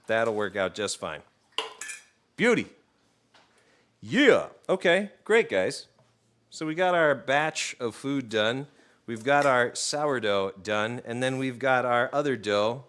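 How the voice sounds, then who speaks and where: Clear and resonant, this man's medium-pitched voice has a slight brightness. A cooking streamer, he chats casually with viewers during a live cook, a loose, joking storyteller who talks to and teases his dog.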